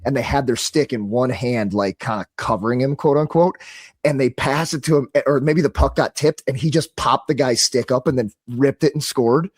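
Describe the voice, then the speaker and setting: Man, podcast co-host, casual coaching chat, animated and filler-heavy, dry close sound. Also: mid-range voice, normal speed, breathy edge, no echo. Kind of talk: casual hockey tactics chat.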